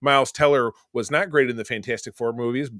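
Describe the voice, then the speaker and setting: Male podcast co-host, chatty and excitable, full of fillers, recorded dry. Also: medium pitch, fairly quick, no echo. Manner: animated, rambling with many fillers. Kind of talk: casual chat.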